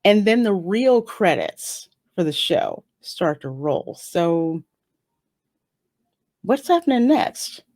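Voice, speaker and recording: A woman giving a casual, stream-of-consciousness review of a TV episode, chatty and animated, with sudden jumps up in pitch. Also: slow. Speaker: YouTube reviewer.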